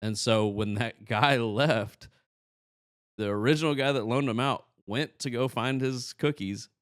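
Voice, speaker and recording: The guest here is a young comedian spinning stories in a casual podcast conversation, animated and performing other people's lines himself. His medium-pitched voice runs a little slow, and the studio sound is clean with no room noise.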